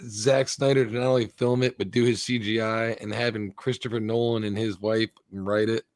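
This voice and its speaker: A man in a casual stream chat, giving relaxed opinions. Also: on the low side, normal speed, dry recording, clean studio sound.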